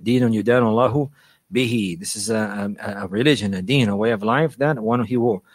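A man's voice: lowish voice, rapid-fire, dry recording. A man teaching a religious lecture, repeating phrases for emphasis and mixing in Arabic phrases. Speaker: Islamic preacher and teacher.

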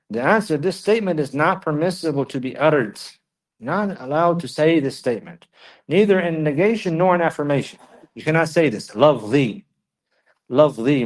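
A religious teacher with a voice on the high side gives a classroom lecture, reading Arabic passages quickly, then translating and explaining them slowly. He repeats himself often and checks that listeners are following.

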